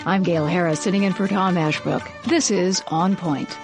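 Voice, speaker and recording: A woman radio host giving a crisp announcement. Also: fairly low pitch, fairly even intonation, moderate pace, over music.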